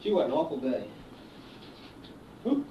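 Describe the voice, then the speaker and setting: A man's voice: on the high side, wildly swooping pitch, measured pace, lo-fi sound. A man interviewing, asking short friendly questions in casual chat. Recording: hissy old tape from far off in an echoey room.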